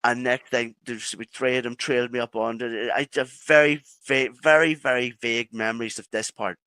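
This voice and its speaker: A man with an Irish accent, a podcast guest telling a personal story in halting phrases with many restarts. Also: medium pitch, fairly even intonation, sharp tone, smooth, no echo. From Ireland.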